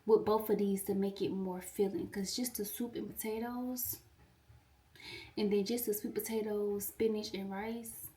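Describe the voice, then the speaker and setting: Twenty-something woman vlogging in her kitchen, chatty, talking to "y'all", mid pitch, a bit far off the mic. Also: fairly even intonation, unhurried, dark tone. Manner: chatty, talks straight to viewers as "y'all". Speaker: pharmacy student vlogger. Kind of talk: casual chat. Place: home kitchen, cooking.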